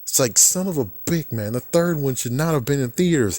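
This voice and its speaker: A man's voice: medium pitch, moderate pace, hardly any pauses. A man ranting casually about movies, profane and exasperated, often acting out what other people say. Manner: profane, exasperated and animated, acts out quotes. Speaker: movie commentary vlogger.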